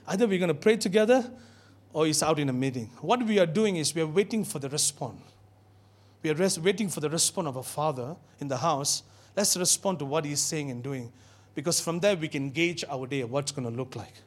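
A man preaching a sermon in a church, animated and calling out to his congregation. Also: a little high, brisk. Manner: animated, call-and-response with congregation.

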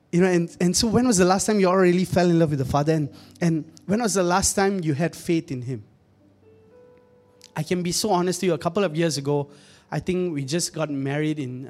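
His voice is a little high with a darkish tone. This young man delivers a chatty sermon, regularly addressing the congregation and slipping in jokes that make him laugh at himself.

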